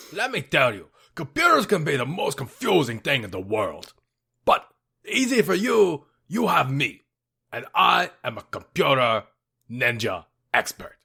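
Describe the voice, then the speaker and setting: Man putting on a swaggering masked cartoon wrestler, high-pitched and gravelly, bragging through bad tech advice. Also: sharp tone, full character voice. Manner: boastful, mock-helpful, accent drifting. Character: cocky masked male cartoon wrestler answering emails. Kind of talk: comedic impression on a podcast.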